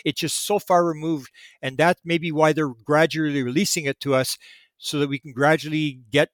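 A man's voice: a little high, fairly even intonation, normal speed, no room sound. A man talking as a podcast guest, explaining in a casual, rambling way with many restarts and repeated words.

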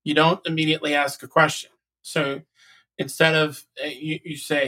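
Co-host, male, bright and somewhat high voice, animated sales coach who acts out calls. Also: normal speed, rough recording. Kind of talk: casual podcast chat.

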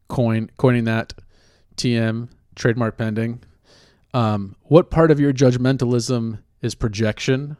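A man's voice: mid-range voice, darkish tone, no room sound, clean studio sound. A man ranting in a casual way, blunt and profane, stopping now and then to question himself. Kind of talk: casual rant.

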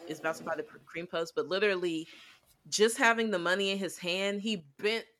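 Speaking fairly quickly in a medium-pitched, slightly bright voice, the co-host rambles through a casual anime review on her podcast. Fillers pile up as she retells scenes with animation.

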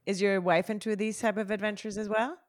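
A woman's voice: medium pitch, a little fast. A woman with an accent who is interviewing a guest, chatting animatedly. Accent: non-native English. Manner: animated, laughs often, interrupts playfully. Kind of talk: casual conversational interview.

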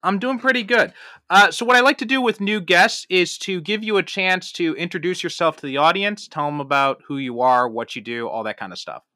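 A man hosts a podcast and greets a new guest in an upbeat way. His voice is bright and sits fairly high. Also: fairly quick, dry recording, studio quality. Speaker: podcast host. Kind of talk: podcast hosting.

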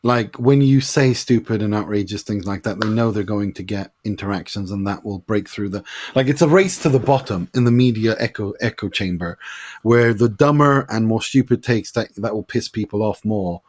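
Low-voiced opinionated male co-host. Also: moderate pace, darkish tone, no echo. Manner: opinionated, builds long argumentative runs. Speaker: podcast co-host. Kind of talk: casual podcast chat.

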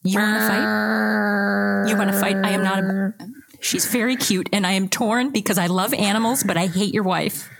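A woman's voice: medium pitch, a little fast, lightly acted. A woman playing a touchy amateur officiant. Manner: hesitant with filler words, then combative. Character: touchy amateur wedding officiant, prickly and combative. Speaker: improv performer.

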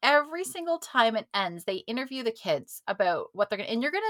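A woman co-hosting a podcast in casual chat, talking in an animated way and acting out quotes in a loud voice. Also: on the high side, quick pace, dry recording. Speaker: podcast co-host.

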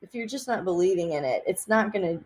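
A woman from Texas, a psychic medium, chatting in an interview and telling lively stories with many fillers and laughs. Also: medium pitch, quick pace. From Austin, Texas. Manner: animated storyteller, laughs often, many fillers. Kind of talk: casual interview chat.

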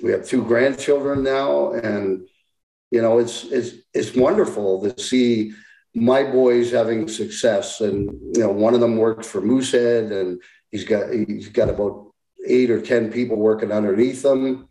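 A man in his sixties, a guest on an interview, talking in a plain-spoken, halting, reflective way. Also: medium pitch, steady tone, warm tone, roomy sound, poor audio. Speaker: interview guest, former hockey player. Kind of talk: casual interview talk.

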